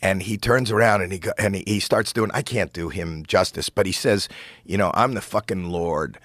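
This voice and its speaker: Lowish-voiced man telling a story. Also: dry recording. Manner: animated, halting storyteller with restarts. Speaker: comedian guest. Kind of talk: storytelling in a podcast chat.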